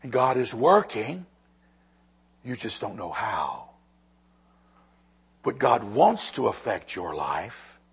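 A man preaching a sermon with a raspy voice, moving between quiet, slow emphasis and loud, lively passages. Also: lowish voice. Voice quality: husky. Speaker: pastor.

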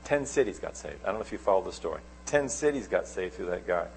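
Male preacher, middle-aged, gravelly low voice, animated storytelling, faint background hum. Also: fast, poor audio. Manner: animated storytelling, sudden loud and soft swings. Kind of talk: sermon.

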